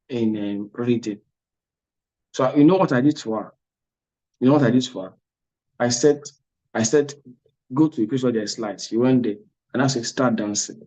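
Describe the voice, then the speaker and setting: A man's voice: medium pitch, a little mellow. A man coaching students in an exam prep class, with a mid-range voice. He talks emphatically, doubling back on his words and checking that everyone is following along. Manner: emphatic, repeats words, asks "are you with me?". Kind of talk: motivational class talk.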